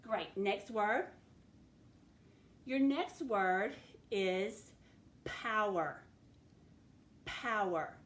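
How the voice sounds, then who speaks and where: A woman's voice: medium pitch, extremely slow, long pauses. A woman teaching a phonics lesson to children, patiently sounding out words letter by letter.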